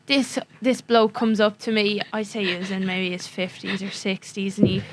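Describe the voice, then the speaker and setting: A woman's voice: mid-range voice, normal speed, background noise. A young Irish woman, a podcast guest, telling a story in casual chat and laughing often as she goes. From Ireland. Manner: animated, laughing often while telling stories.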